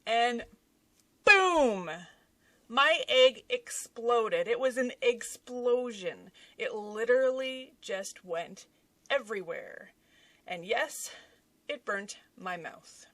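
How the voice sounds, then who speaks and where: A woman in her thirties telling a story casually at her desk at home, animated and dramatic, with big swings in loudness. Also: mid-range voice, no room sound, far from the mic. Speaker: author and YouTuber.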